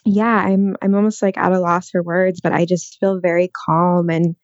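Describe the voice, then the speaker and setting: A woman with a lowish voice speaks as a guest on a casual podcast. She is calm and reflective and often pauses on "um" and "like". The sound is dry and dull, slightly lo-fi. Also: no room sound. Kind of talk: casual chat.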